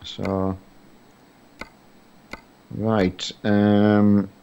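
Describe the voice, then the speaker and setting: A man's voice: fairly low pitch, completely flat delivery, extremely slow, dark tone, slight background noise. A middle-aged man chatting casually on a live stream of a truck game with his son, rambling and hesitant with many fillers and restarts. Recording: dull lo-fi stream audio.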